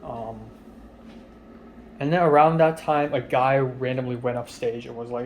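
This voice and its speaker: Telling a personal story, a young man rambles in a flat, low-key way, using lots of fillers and often trailing off quietly. His pace is moderate with long pauses, over a slight hiss or hum.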